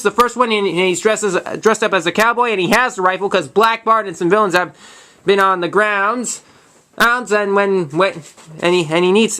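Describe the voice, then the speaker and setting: A young man hosting his own movie review, retelling a plot in a casual, halting way full of restarts and false starts. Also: sits high, pushed and bright.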